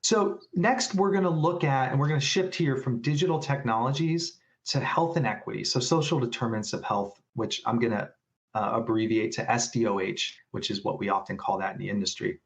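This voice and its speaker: A man presenting a business webinar on patient care, speaking in a halting way with many restarts and fillers. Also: mid-range voice, vocal fry.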